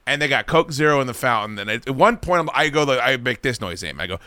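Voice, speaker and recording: Bright-voiced, profane male podcast host. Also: medium pitch, lively intonation, quick pace, no room sound, studio quality. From Virginia. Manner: profane, rambling anecdotes with acted-out quotes. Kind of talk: casual comedic storytelling. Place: podcast studio.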